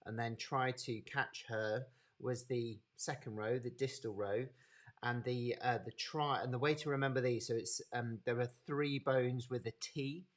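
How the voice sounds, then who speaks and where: A man with a Birmingham accent giving an informal anatomy lecture over a live webinar, chatty and unhurried, greeting attendees by name. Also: mid-range voice, fairly even intonation. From English Midlands.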